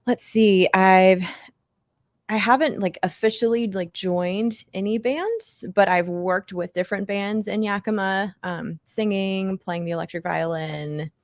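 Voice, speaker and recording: A woman's voice: mid-range voice, unhurried, dry recording, clean studio sound. A woman in her twenties, a singer-songwriter being interviewed, chatting casually with lots of "like" and "you know". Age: 20s. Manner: relaxed, fillers like "like" and "you know", laughs easily.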